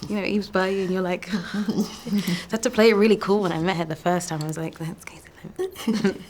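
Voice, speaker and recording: A woman actor in a press interview, answering thoughtfully in a soft voice and laughing often. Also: mid-range voice, steady tone, quick pace, a little hiss or hum. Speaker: actor promoting a film.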